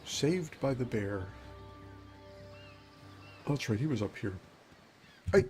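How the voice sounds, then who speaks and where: An older man, in his fifties, talks his way through a game in a loose, rambling stream of commentary, chuckling to himself now and then. His voice sits at an ordinary middle pitch, with soft music running underneath. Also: expressive, takes it slowly. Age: 50s. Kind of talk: casual gameplay commentary.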